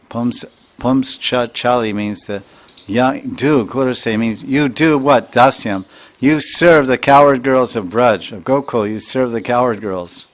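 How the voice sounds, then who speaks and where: A man teaching from scripture in a sermon, his voice at an ordinary middle pitch. He recites Sanskrit verses and works through their meaning phrase by phrase. Small chuckles slip in between his explanations. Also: a little slow. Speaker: spiritual teacher. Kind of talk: scripture lecture.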